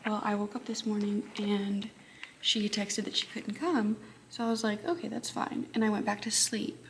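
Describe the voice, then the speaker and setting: A woman's voice: medium pitch, fairly even intonation, normal speed, slight background noise. Tired, chatty young Texan woman. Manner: chatty, often whispering quietly. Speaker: high school math teacher. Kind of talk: casual vlog chat.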